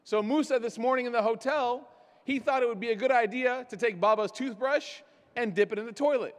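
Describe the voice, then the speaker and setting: A man with a notably high voice preaches to a gathered audience, weaving personal stories and wry jokes at his own expense into his message. His words ring out with a long, lingering reverb from a large hall. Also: fairly quick. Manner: storytelling with self-deprecating jokes. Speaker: speaker. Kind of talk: religious talk at a gathering.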